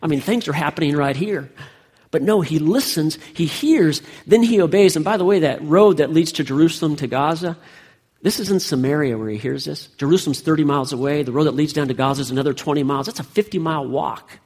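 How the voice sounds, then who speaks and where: Male pastor, sermon, husky tone, slightly high pitch, emphatic swells and drops. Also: fast, a little mellow. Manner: emphatic, rising and falling preaching delivery.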